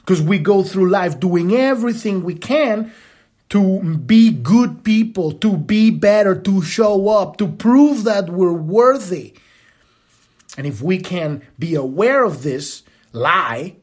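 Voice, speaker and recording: Male podcast host, spiritual monologue, husky voice, lively swooping pitch, casual and blunt with profanity.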